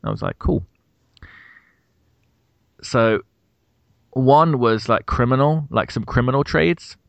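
A British man in his thirties, a podcast co-host, tells a funny story in casual chat, speaking slowly with vocal fry. He's an animated storyteller who acts out the quotes with big pitch jumps, and the recording has no echo.

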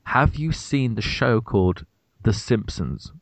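A British man in his thirties with a low, gravelly voice, chatting casually on a podcast. He tells stories with lively acted-out quotes. The sound is dry and close. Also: slow pace, no echo. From Britain. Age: 30s. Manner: animated storyteller, acts out quotes with big pitch jumps. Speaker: podcast co-host. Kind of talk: casual storytelling chat.

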